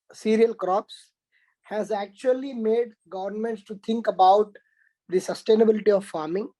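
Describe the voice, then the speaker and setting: Mellow-voiced man teaching an online class. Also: sits high, poor audio. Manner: explanatory, repeats the question and asks the class to confirm. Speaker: exam coaching teacher.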